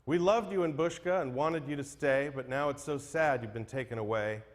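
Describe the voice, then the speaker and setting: Serving as emcee at a memorial livestream, a man reads tribute poems aloud with earnest, self-deprecating care before introducing the next acts. His voice is medium-pitched at normal speed, with long hall reverb.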